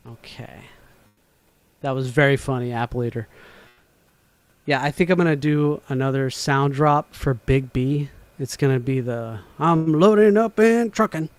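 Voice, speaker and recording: A man's voice: mid-range voice, fairly even intonation, a little slow, pauses often, dry recording, soft background music. A man hosting a casual livestream from home, rambling, swearing casually and laughing often. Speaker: livestream host. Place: home room.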